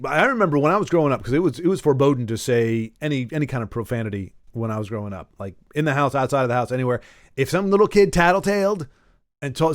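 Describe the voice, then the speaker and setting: An adult who grew up with Nintendo hosts a solo podcast monologue, rambling and emphatic with frequent restarts and self-corrections. His medium-pitched voice comes through clean studio sound without echo.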